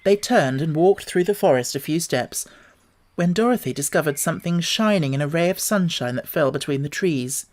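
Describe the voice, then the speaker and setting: A man narrating an audiobook with a steady, measured storytelling delivery. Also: a little high. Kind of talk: scripted narration.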